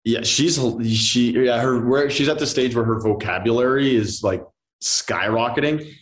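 A man in his thirties, a soap actor as an interview guest, talking in a relaxed, rambling way with many fillers and quoted asides. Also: mid-range voice, moderate pace. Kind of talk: casual interview chat.

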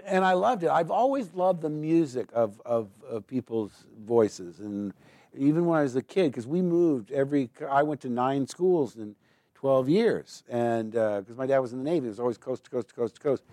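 A man's voice: medium pitch, expressive, moderate pace, dark tone, no echo, clean studio sound. A man, a guest actor in a live on-stage conversation, telling rambling, digressive stories and slipping into mimicked accents. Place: stage before a live audience.

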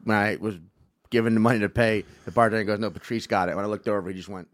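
A man's voice: lowish voice, fairly even intonation, very fast, no echo, studio quality. A man from Louisiana, a podcast guest in casual chat, joking dryly. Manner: wry joking banter.

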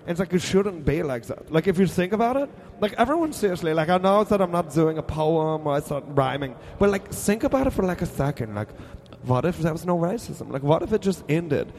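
A man playing an earnest, rambling speaker at an open-mic poetry night, halting and full of filler words, with added reverb. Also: fairly high pitch, animated, a little mellow. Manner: halting, filler-heavy, "like" every few words.

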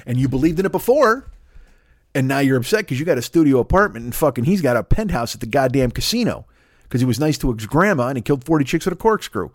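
A man delivering a rambling, profane comedic monologue, slipping into quick voices for the people in his story. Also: mid-range voice, sing-song, no room sound, clean studio sound. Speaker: podcast host.

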